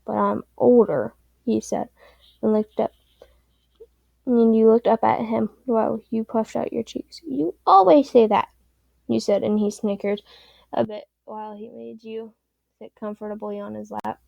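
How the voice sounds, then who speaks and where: Casual woman storyteller, slightly high, dry close sound. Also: monotone, moderate pace, gravelly, warm tone, no echo, highs cut off. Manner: rambling, offhand. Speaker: story reader. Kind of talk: casual chat and fan story reading.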